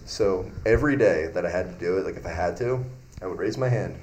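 A man's voice: sits low, fast talker, a little mellow, slight background noise. Young man telling a rambling story. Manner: rambling anecdote-teller who acts out quotes. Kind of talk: casual storytelling chat.

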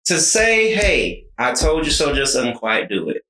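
A man talks in a measured, explanatory way during a casual chat. His voice is bright and moves around a lot in pitch. He sounds like he is in a roomy, echoing space. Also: sing-song.

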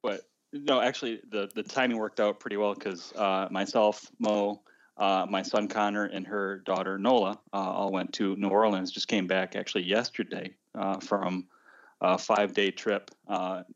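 Low-voiced man telling a story, lo-fi. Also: level tone, moderate pace. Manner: hesitant, many fillers, laughs easily. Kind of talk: casual storytelling. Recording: dull lo-fi sound.

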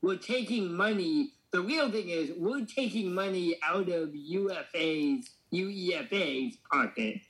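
A man's voice: high voice, lively intonation, a bit bright, rough recording. A man hosts a casual podcast with a slightly raised voice. He banters with his co-hosts and keeps dropping in wry jokes. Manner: joking, quick asides. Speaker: podcast host.

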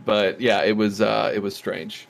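A man co-hosting a casual movie review podcast, retelling scenes with lively, excited outbursts. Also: on the low side, a little slow, gravelly. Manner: animated storytelling, acts out scenes with excited outbursts. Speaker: podcast co-host.

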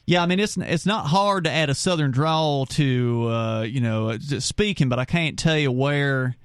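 A man's voice: mid-range voice, moderate pace, smooth, no echo, clean studio sound. A man from Florida hosting a radio talk show, easygoing and conversational with callers. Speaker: host.

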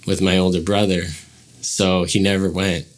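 A man's voice: low voice, level tone, normal speed. A man casually telling a personal story as a guest, rambling with many fillers and acting out quoted dialogue.

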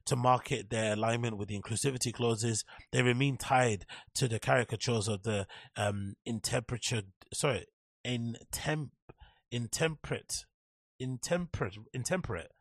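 A man's voice: mid-range voice, creaky, a bit bright, no room sound, studio quality. A young man hosting a casual solo podcast, reading an article aloud and breaking off to riff with sardonic, sweary commentary. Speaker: podcast host.

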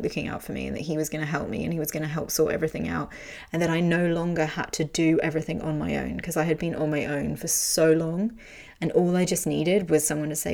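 Podcast host, woman, low pitch with some vocal fry, frank and animated storyteller. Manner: frank, animated, swears freely. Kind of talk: casual personal storytelling.

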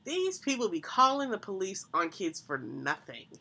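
Bright-voiced woman, emphatic casual talk. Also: mid-range voice, big pitch swings, gravelly, breathy edge. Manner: emphatic, colloquial, quick agreeing interjections. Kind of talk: casual chat.

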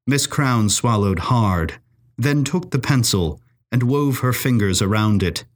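Slow, expressive male storyteller. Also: mid-range voice. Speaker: narrator. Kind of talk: scripted story narration.

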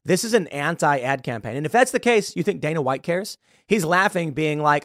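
A man's voice: a little high, quick pace, few pauses, dry recording, clean studio sound. A man hosting a political podcast, talking through a sarcastic, mocking commentary monologue. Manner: sarcastic, animated, mocking asides. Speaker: podcast host.

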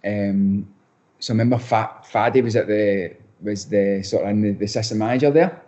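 A man's voice: fairly low pitch, moderate pace, mellow, lo-fi sound. A young Scottish man, a footballer being interviewed, chatting casually with lots of restarts and repeated words. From Scotland. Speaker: footballer guest.

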